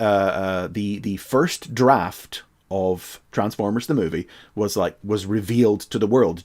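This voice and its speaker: A man with a Northern Irish accent hosting a casual livestream, talking hesitantly with many fillers and restarts. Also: lowish voice. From Northern Ireland. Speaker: livestream host.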